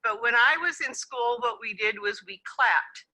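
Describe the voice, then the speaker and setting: A woman's voice: fairly high pitch, normal speed, sharp tone, low-quality recording. A woman presenting a conference session over a video call, explaining in a friendly way with some fillers. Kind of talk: webinar presentation.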